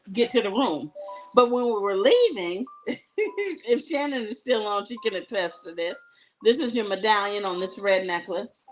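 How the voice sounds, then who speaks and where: A woman's voice: fairly high pitch, low-quality recording. A middle-aged woman hosting a live jewelry sales show, talking in a chatty, colloquial way and telling stories with frequent laughter. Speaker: shopping show host.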